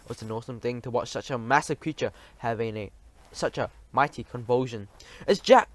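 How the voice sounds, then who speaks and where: A man's voice: mid-range voice, fairly quick. Man reading a children's story aloud. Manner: expressive, animated reading with slips. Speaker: audiobook reader. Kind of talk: storybook narration.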